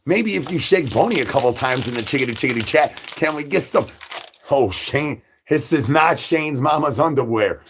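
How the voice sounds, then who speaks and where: A man's voice: medium pitch, animated, moderate pace, husky. A man hosting a livestream, rambling in a hungry zombie persona with repetitive sing-song catchphrases and crude jokes. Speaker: livestream host.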